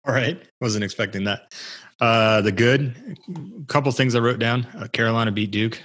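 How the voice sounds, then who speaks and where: A man's voice: mid-range voice, moderate pace, fairly bright tone. A man co-hosting a casual sports and culture podcast, rambling through stories with frequent restarts and laughs. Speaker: podcast co-host.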